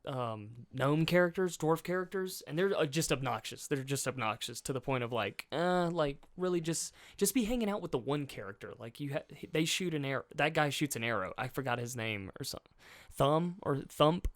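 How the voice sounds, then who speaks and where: A man's voice: on the high side, lively intonation, fairly quick, few pauses. A man hosting a podcast in casual chat, rambling and joking, swearing and laughing often. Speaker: podcast host.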